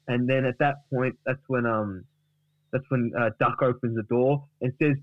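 A man's voice: mid-range voice, fairly even intonation, dry recording, lo-fi sound. Rambling man retelling a comedy bit. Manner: rambling, halting. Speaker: podcast co-host.

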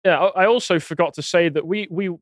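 A man's voice: high voice, fast talker, dry recording. A man co-hosting a podcast in casual chat, earnest with a dry, wry humour. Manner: earnest, then dryly jokey. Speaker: podcast co-host.

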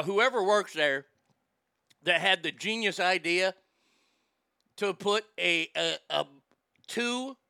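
A man hosts a casual podcast, running through listener shout-outs before rolling into a profane, laughing anecdote. His voice sits high and sounds bright and crisp. He is close on a dry, dead mic. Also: no echo. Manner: profane, loose, laughs easily. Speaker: podcast host. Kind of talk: casual storytelling chat.

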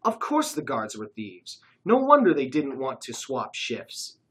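A narrator reading a comic caper story aloud, expressive and lively. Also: medium pitch, unhurried, breathy edge, rough recording.

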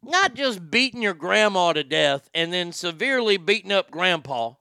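A male host tells crude news stories in a sarcastic, joking style as casual comedic news commentary. His high, bright voice swings widely in pitch with a forceful yet smooth tone at a moderate pace, captured in clean studio sound with no room sound.

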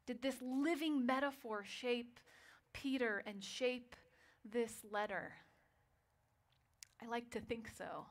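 Slow, storytelling woman preacher. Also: on the high side. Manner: storytelling, dropping to quiet for drama. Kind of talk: sermon.

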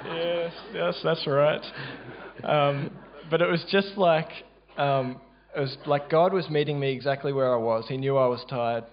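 A man with an Australian accent, telling a church testimony in a casual, halting way with many fillers. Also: steady tone. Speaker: church member sharing a testimony. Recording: dull low-fidelity sound.

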